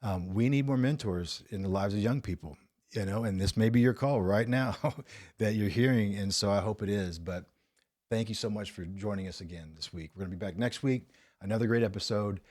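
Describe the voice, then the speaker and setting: A man hosts a conversational podcast in a slightly low voice. He talks in a relaxed, unhurried way and laughs easily with his guests. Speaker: podcast host. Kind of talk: casual conversation.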